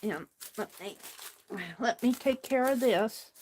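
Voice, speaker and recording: A woman's voice: on the high side, noisy background. A woman hosting a craft livestream, chatting casually and muttering to herself as she works. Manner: muttering to herself while working, slow and unhurried.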